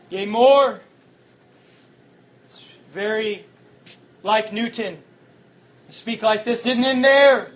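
Man, preacher, sermon, very high voice, impassioned, phone-quality audio. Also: fairly even intonation, slow, long pauses. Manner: impassioned, with big swings in loudness. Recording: tinny phone-like sound.

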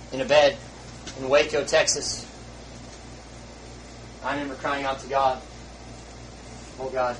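Fiery preacher swinging from hush to shout. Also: male voice, medium pitch. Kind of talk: fiery sermon. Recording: distant mic, faint hiss.

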